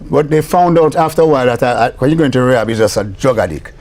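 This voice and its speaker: An older man with a Jamaican accent, a record producer telling studio stories in a lively way, slipping between patois and English. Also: medium pitch, fast. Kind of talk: storytelling interview talk.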